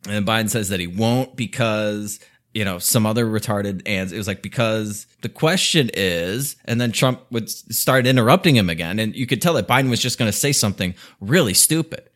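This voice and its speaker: A man's voice: fairly low pitch, lively intonation, moderate pace, fairly bright tone. A man hosting a podcast, giving opinionated political commentary in a casual, conversational way, often laughing as he talks. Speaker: podcast host.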